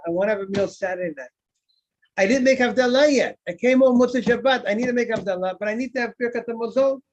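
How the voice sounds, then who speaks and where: A man, a rabbi, teaching an informal Talmud class, often repeating words and asking his students questions that he then answers himself. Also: high-pitched. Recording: dull lo-fi recording.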